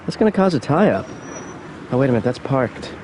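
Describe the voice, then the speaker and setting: An actor playing an aimless, sarcastic young adult son in a cartoon, with a dry, mumbling, deadpan delivery. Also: male voice, mid-range voice, a little fast, noisy background, lightly acted. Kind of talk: cartoon voice acting.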